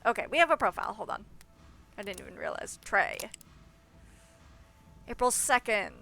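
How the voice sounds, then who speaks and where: A woman's voice: mid-range voice, big pitch swings, moderate pace, gravelly, pushed and bright. A woman streaming herself reading a story game aloud, chatting and laughing at her own character voices. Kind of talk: livestream commentary while reading a game aloud.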